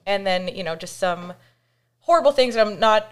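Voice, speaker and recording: A woman's voice: mid-range voice, moderate pace. Woman guest telling a candid story. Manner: animated, acts out quoted voices, frequent fillers. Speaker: podcast guest.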